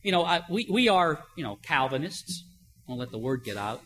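A man's voice: a little high, big pitch swings, moderate pace, a bit bright. An older man preaching a sermon in a conversational way, telling everyday stories and asking rhetorical questions. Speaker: pastor.

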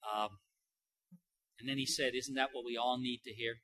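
A man's voice: mid-range voice, fairly even intonation, moderate pace, sharp tone. A man preaching a sermon in a conversational way, building to emphatic, rising passages. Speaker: pastor.

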